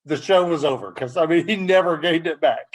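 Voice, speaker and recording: A man's voice: a little high, a little fast. A man casually reminiscing about old shows with former coworkers, laughing a lot. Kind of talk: casual chat.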